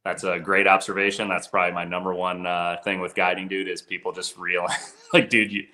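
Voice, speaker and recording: A man's voice: sits low, flat delivery, fairly quick, bright, forceful tone, reverberant. A man who works as a fishing guide, talking gear in a laid-back way, saying "dude" and "bro". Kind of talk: casual gear talk.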